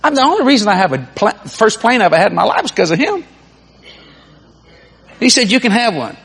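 A male preacher, his voice pitched very high and swinging widely as he acts out quotes and laughs through his stories. The tone is husky and breathy. Long reverb trails off in the large hall. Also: brisk. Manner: animated storytelling, acts out quotes, laughs often. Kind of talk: sermon.

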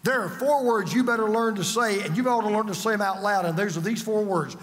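A man preaching a sermon as pastor, swinging from forceful lines to hushed, drawn-out words. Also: high-pitched, big-room sound.

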